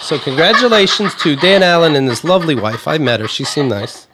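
A man co-hosting a casual comedy podcast chat, ranting and swearing with animated energy. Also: fairly high pitch, brisk, very noisy. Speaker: podcast co-host.

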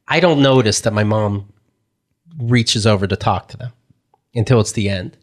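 Animated man telling a family story. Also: fairly low pitch, normal speed. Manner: animated storyteller, acts out quoted voices. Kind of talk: casual storytelling chat.

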